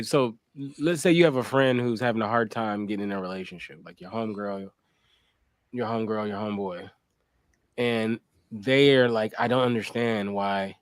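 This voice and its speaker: A man hosting a casual panel chat on a video call, relaxed, asking questions and laughing along. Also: mid-range voice, no echo.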